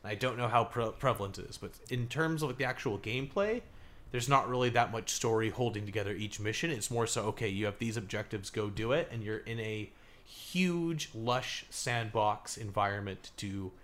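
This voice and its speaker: A man co-hosting a casual gaming podcast, talking loosely with lots of fillers and getting animated when he tells a story. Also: lowish voice, normal speed. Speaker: podcast co-host.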